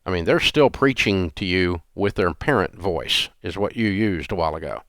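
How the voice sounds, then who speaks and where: A man in his sixties hosts a radio advice show with a low voice. He talks bluntly and folksy, with sarcastic asides. The studio sound is dry and close. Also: animated, normal speed, fairly bright tone, no echo. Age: 60s. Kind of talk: call-in advice show talk.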